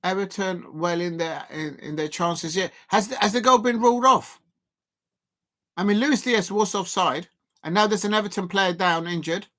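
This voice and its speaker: A man hosting a live football watch-along, commentating in a rambling way with many fillers and restarts, excitable at key moments. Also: high voice, moderate pace.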